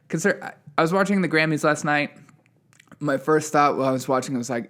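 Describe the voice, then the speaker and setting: Male podcast host, sarcastic news commentary, mid-pitched ranting delivery. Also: fairly bright tone.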